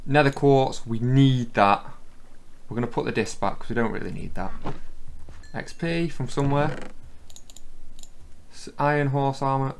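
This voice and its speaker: A man's voice: medium pitch, creaky, a little hiss or hum. A man giving casual, chatty gameplay commentary, thinking aloud as he plays. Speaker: gaming channel host.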